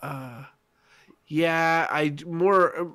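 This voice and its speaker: A man co-hosting a podcast in casual chat, deadpan and rambling. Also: on the high side, drawn-out words. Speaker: podcast co-host.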